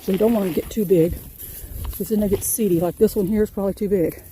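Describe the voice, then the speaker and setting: Mellow-voiced woman touring her garden. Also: mid-range voice, fairly even intonation, fast, a little hiss or hum. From Virginia, USA. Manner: rambling, homespun, chatty. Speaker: farm vlogger. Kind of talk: casual garden tour. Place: outdoor vegetable garden.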